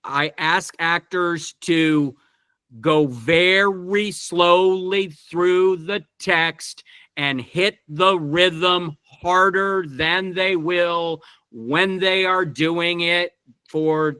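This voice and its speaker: A man's voice: sits high, very slow, pushed and bright, clear, resonant tone, dry recording. A man directing actors in a verse workshop over a video call, thinking aloud with many restarts. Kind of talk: teaching talk on Shakespeare verse.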